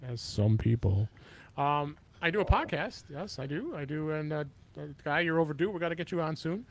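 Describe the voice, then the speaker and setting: Halting man guesting on a podcast. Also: fairly high pitch. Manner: halting, many uh fillers. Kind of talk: casual chat.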